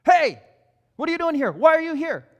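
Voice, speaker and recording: A man voicing a group of frightened male demons who plead and bargain in a rapid, whiny way, with a long hall reverb. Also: very high voice, expressive.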